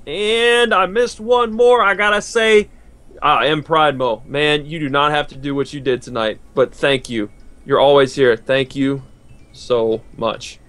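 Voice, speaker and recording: A man co-hosting a casual live stream, excitable and laughing easily as he thanks viewers by name. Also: on the high side. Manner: excitable, laughs often, reads out chat names.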